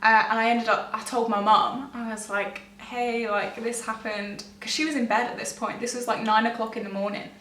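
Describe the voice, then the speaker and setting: A woman's voice: on the high side, level tone, moderate pace, few pauses, fairly bright tone. A young woman, telling a personal story to camera in a rambling, self-interrupting way with nervous laughs. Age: young adult. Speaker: vlogger. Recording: echoey room, distant mic, faint hum.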